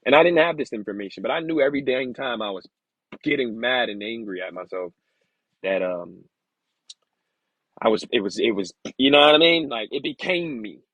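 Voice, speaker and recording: A man reading aloud slowly, sounding out hard words, then talking candidly and casually about his past. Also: medium pitch, a bit bright, husky, dry recording, muffled recording. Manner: slow halting sounding-out of words, then candid rambling asides. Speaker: vlogger learning to read.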